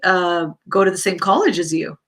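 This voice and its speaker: A woman's voice: lowish voice, moderate pace, a bit bright. A woman with a Canadian accent hosting a live interview as a counsellor, affirming and encouraging, often adding Islamic blessings. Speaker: counsellor and host.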